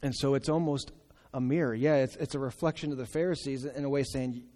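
A man preaching a sermon in an animated, exclaiming way, acting out the voices in his story, in a church hall. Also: mid-range voice, brisk. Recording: long reverb of a large hall.

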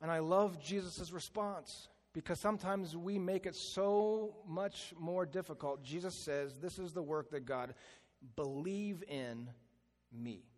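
A pastor delivers a sermon in a voice that sits a little high for a man. When he stresses a point, he slows down and goes hushed. Every phrase trails off into the hall's long reverb.

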